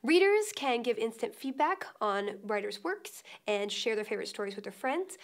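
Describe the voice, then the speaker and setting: A young woman hosting a web show in a quirky, playful scripted vlog style with jokey asides. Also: a little high.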